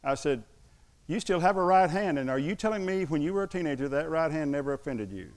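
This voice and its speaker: A man's voice: fairly high pitch, animated, fairly quick. A man preaching a sermon as pastor to his congregation, emphatic and mixing in humorous asides.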